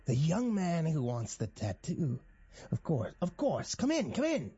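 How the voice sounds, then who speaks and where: A man voicing a creepy, patronizing male tattooist with a high, whiny, drawn-out voice. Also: huge pitch swings, mellow, husky, dull audio, exaggerated voice. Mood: delighted.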